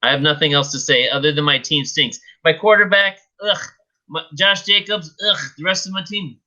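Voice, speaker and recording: A man's voice: fairly high pitch, fairly even intonation, normal speed, bright, forceful tone. A man co-hosting a casual fantasy sports podcast, playful and self-mocking, laughing often, over a lo-fi internet connection. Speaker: podcast co-host. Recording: dull lo-fi internet audio.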